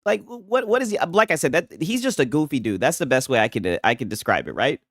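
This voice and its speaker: Animated, profane man in casual commentary. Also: mid-range voice, quick pace, dry recording, clean studio sound. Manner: profane, animated, mocking, laughs often. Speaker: gaming commentary streamer.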